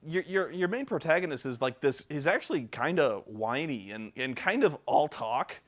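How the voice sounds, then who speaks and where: A man's voice: on the high side, very animated, normal speed, a bit bright. A man vlogging casually about video games, rambling with lots of restarts. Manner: rambling, many fillers and restarts. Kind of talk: casual chat.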